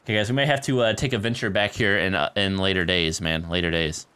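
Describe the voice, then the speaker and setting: This streamer's voice sits low and steady, fast, bright and forceful, with a clean sound. He plays a shooter live from home, bantering with viewers, laughing often and calling them "dude" and "guys" via a desk mic near his keyboard.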